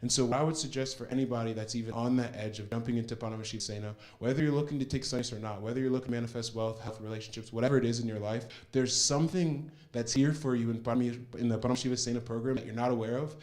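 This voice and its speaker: A man's voice: medium pitch, fast talker. A young man giving a personal testimony about a spiritual program, earnest and heartfelt, often restarting his sentences.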